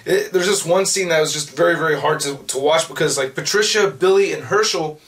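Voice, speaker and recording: A man giving a casual, excited recap of a comic book, swearing freely and acting out the characters' lines. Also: on the high side, fairly quick.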